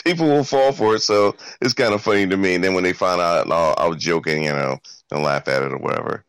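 A man's voice: deep voice, fast talker, a bit bright, smooth, dry recording. A man co-hosting a casual gaming chat, joking and teasing in a laid-back way.

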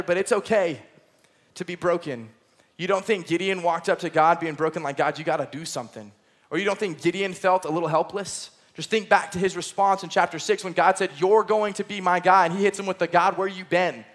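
A man's voice: high-pitched, fairly even intonation, fairly quick, fairly bright tone. A young man giving an earnest, conversational sermon as a youth pastor, with playful asides. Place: church auditorium, service also streamed online.

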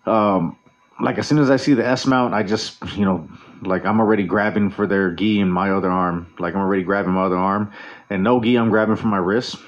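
A radio show host delivers a casual, rambling monologue, swearing constantly and restarting his sentences. His voice is fairly low and a little fast, captured in a dull lo-fi recording.

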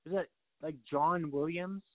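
A man with a fairly high voice steers a relaxed talk about a movie. He asks questions and answers with short, easy agreement. The sound is dry and narrow, like a phone call. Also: a little slow, no echo. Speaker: movie podcast co-host. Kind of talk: casual chat. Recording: tinny phone-like line.

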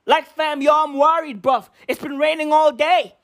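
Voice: sits high, steady tone, normal speed, fairly bright tone. A speaker ranting in heavy street slang, rambling and swearing as a comic bit. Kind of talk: profane slang-heavy rant.

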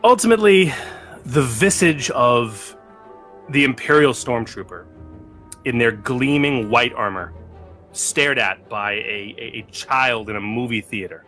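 A man's voice: medium pitch, a little slow, faint music behind. A man co-hosting a tabletop gaming podcast, reading a dramatic intro and chatting with frequent restarts. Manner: lively, theatrical delivery with frequent restarts. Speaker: podcast co-host. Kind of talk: casual chat and scripted intro.

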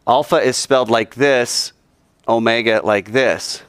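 A man teaching a Bible class, animated and quizzing the class with questions. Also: mid-range voice, a little slow, clean tone, no room sound, studio quality.

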